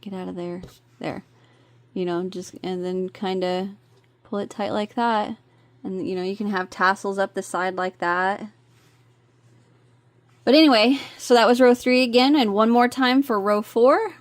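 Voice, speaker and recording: Slow-talking woman teaching crochet. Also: medium pitch, fairly even intonation, dry recording. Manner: counts stitches softly, chatty asides, slips on words. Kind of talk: step-by-step craft tutorial.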